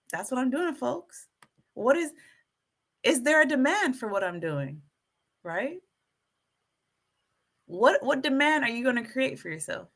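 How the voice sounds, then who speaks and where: Bright-voiced woman hyping up her live stream. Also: sits high, a little slow, pauses often. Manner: animated, preachy, hypes herself up; keeps addressing viewers as folks. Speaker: YouTube live stream host. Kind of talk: casual live stream chat.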